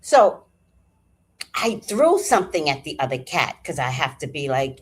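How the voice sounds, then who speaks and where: Speaking a little slowly in a low voice, this woman vlogs a story with casual, lively energy and plenty of swearing, frequently sighing and clearing her throat.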